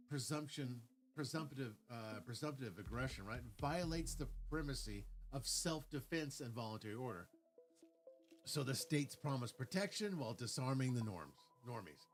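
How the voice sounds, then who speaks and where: A man's voice: mid-range voice, fairly bright tone. A man on a livestream giving an argumentative political rant, reading comments aloud and rebutting them point by point with frequent restarts. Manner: stumbling restarts, lecturing tone.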